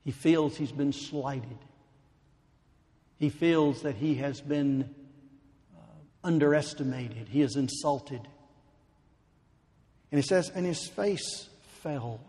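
A man preaching a sermon, slow and emphatic, building to fervent pleading. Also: medium pitch, mellow. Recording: long hall reverb.

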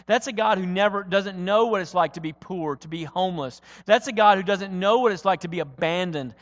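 A male preacher with a notably high voice delivers an earnest sermon. He tells stories and drives points home with repeated phrases. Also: a bit bright, long reverb tail. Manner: earnest, storytelling, with rhetorical repetition.

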